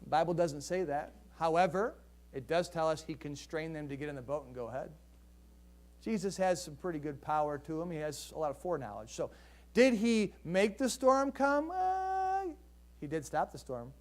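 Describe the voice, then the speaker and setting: High-voiced man preaching a sermon. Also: lively intonation, moderate pace. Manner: conversational, asks the congregation rhetorical questions. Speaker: pastor.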